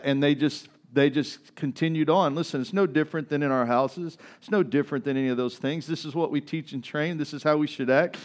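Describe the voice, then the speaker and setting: A man's voice: on the high side, fairly quick, few pauses. A male pastor preaching a sermon in a conversational, repetitive style, calling for responses from the congregation.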